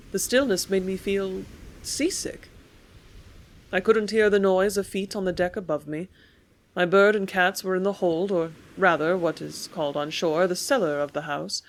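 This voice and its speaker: A female audiobook narrator with a mid-range voice reads an old first-person memoir aloud. She tells the story steadily, giving the quoted lines more life.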